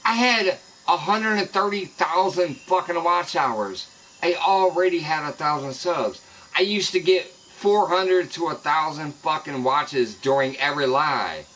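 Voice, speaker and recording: Streaming live from his Midwestern home, a man rants furiously and swears a lot at people he claims are spreading lies about him. His voice sits a little high and sounds a bit bright, and he keeps a measured pace. The recording is rough, with a slight hiss or hum.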